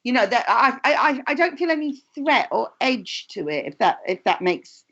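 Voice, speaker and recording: A woman with a fairly high voice, co-hosting a casual chat. She talks hesitantly and searches for her words as she goes. The recording sounds dull and lo-fi. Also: sing-song, moderate pace, fairly bright tone, slightly rough. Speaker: co-host.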